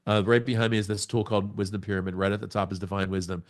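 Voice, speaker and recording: Racing through his words, this middle-aged man from the United States is a podcast guest recounting a story in a relaxed interview. Frequent laughter punctuates it, and his voice jumps far higher whenever things get exciting.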